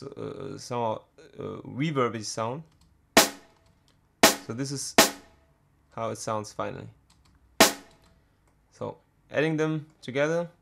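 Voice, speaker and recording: A man teaching a music production tutorial, talking in a halting way with many fillers and restarts. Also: mid-range voice, vocal fry. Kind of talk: screen-recorded software tutorial.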